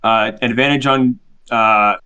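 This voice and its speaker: A man chats casually as a player in a tabletop game. He describes his character's moves in a loose, rambling way, with "like" all over. His pitch is middling. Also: steady tone, a little slow, bright, forceful tone, clean tone. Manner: rambling, lots of "like".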